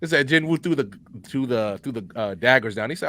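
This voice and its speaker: A man co-hosting a podcast in casual chat, animated and swearing freely, repeating himself as he talks. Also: medium pitch, fairly quick. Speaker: podcast co-host.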